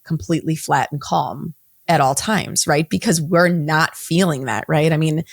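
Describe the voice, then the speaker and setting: A woman in her forties, a counselor speaking as an interview guest, talking bluntly in quick bursts with frequent restarts. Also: low-pitched, gravelly, no room sound, studio quality. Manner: blunt, unapologetic, talks fast in bursts with many restarts. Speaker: guest, mental health counselor. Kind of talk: candid interview conversation.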